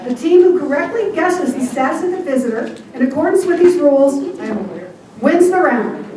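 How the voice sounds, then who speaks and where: A woman's voice: sits high, animated, a little fast. An older woman hosting a group game, reading out the rules in a playful way. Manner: playful, reads rules aloud. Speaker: event host. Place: large hall with an audience. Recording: echoey hall from far off, crowd noise.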